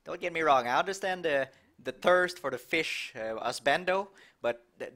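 A young man from Quebec with a Québécois French accent, streaming a game live, reacting excitably and reading chat aloud with frequent laughs. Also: a little high, normal speed. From Quebec, Canada.

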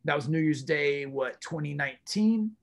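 A man's voice: fairly high pitch, lively intonation, normal speed, gravelly. A man in his forties, a guest in a casual interview, telling his story with animation and acting out his own inner voice. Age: 40s.

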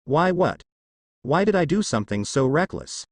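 A man voices an earnest young male ninja who speaks in a formal, sincere way. The pitch moves in lively turns, and the sound is close and dry. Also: moderate pace, no echo.

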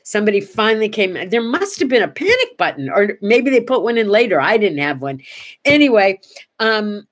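A woman hosts a casual morning vlog and tells her stories with lots of animation. She acts out each exchange, and her voice sits at an ordinary middle pitch. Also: sing-song, normal speed. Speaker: host.

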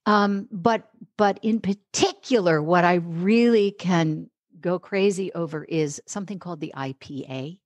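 A woman's voice: on the low side, a little slow, few pauses, no echo. A woman voice and speech coach, a guest on a casual podcast, talking with enthusiasm, articulating precisely and laughing easily. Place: home in Philadelphia.

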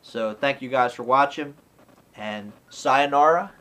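A man talks through his thoughts on an old favorite film in a loose, rambling way. His voice sits at a middling pitch, and his sentences keep looping back through "you know" and "like" as he acts out bits of dialogue. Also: unhurried, a bit bright, low-quality recording. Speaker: movie reviewer. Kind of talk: casual spoken film review.

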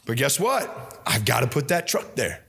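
A young man preaching a sermon as pastor, fervent and repetitive, swinging between shouts and quiet drops. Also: medium pitch, sing-song, normal speed, creaky, slightly rough. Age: young adult.

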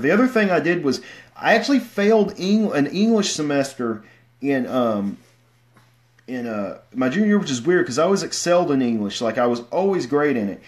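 A man, rambling through casual livestream stories, with many fillers and restarts and sudden loud outbursts. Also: medium pitch. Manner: bursts into loud shouts when acting out stories. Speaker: vlogger.

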